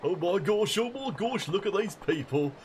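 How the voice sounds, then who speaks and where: A man voicing an excitable young punk fan of a rock band in a video game. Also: normal speed, slight background noise. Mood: excited. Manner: gushing, high and excitable.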